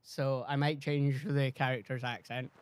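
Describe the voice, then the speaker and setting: A man's voice: mid-range voice, level tone, measured pace, slight background noise. A man with a Scottish accent giving casual, joking, sweary commentary while playing a game. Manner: sweary, joking, rambling asides. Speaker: gaming streamer.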